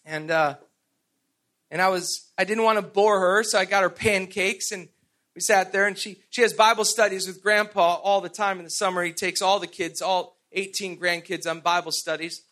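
His voice is high and sharp, fairly even in intonation, with a moderate pace. This middle-aged preacher delivers his sermon through stories, laughing at himself, stumbling into restarts, and saying "and, and" again and again.

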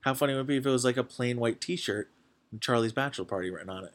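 A young man hosting a podcast, chatting casually and excitedly, with lots of fillers and restarts. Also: mid-range voice, rapid-fire. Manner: rambling, full of fillers, excitable. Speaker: podcast host. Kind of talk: casual chat.

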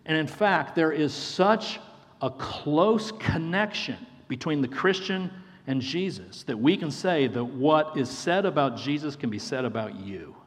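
Long hall reverb surrounds a pastor's earnest sermon as he addresses his listeners as friends and repeats phrases for emphasis. He speaks a little slowly, in a fairly high, expressive voice.

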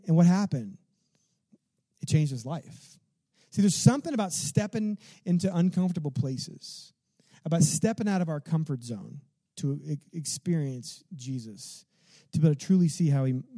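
Animated man preaching a conversational sermon. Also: a little high, no room sound. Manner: animated, conversational preaching with fillers and rhetorical questions. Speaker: pastor.

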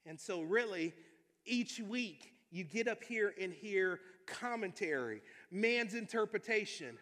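Man, pastor, emphatic sermon, high voice, long reverb in a church sanctuary. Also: measured pace. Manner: energetic, emphatic preaching with call-and-response.

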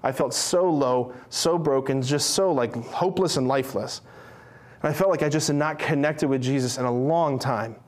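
A man's voice: medium pitch, normal speed. A man giving a conversational sermon as a preacher, casual and chatty, often checking in with his listeners. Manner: casual, chatty, often tags lines with "right?".

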